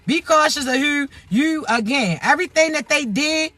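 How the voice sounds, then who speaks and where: A woman vlogger giving blunt, profane spiritual advice in a joking, streetwise way, with low "mm-mm" asides. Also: expressive, moderate pace, fairly bright tone, dry recording. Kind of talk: casual spiritual advice rant.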